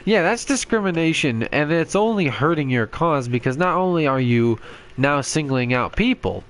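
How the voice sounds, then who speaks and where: A man's voice: on the high side, lively intonation, normal speed, a bit bright, slight background noise. A young man hosting a game playthrough, chatting casually in a rambling way, laughing often and filling gaps with ums and likes. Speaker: gaming channel host. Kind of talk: casual chat while playing a game.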